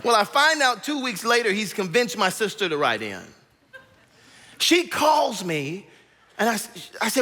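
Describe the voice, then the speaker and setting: A man in his thirties preaches as a guest pastor, telling a personal story and slipping into the voices of his family. His voice is high and bright and swings widely in pitch. It rings out with the long reverb of a large church auditorium. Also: normal speed. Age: 30s. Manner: animated, acts out family members' voices. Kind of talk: storytelling sermon.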